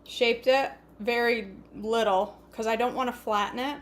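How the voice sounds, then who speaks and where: A woman's voice: fairly high pitch, steady tone, normal speed. A woman hosting a casual cooking vlog from her home kitchen, chatty, folksy and joking. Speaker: vlog host.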